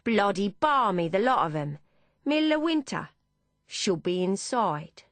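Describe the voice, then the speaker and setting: A woman's voice: mid-range voice, big pitch swings, unhurried, no room sound. A woman voicing a grumbling male taxi driver with a Cockney accent, in an audiobook reading. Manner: blunt, grumbling.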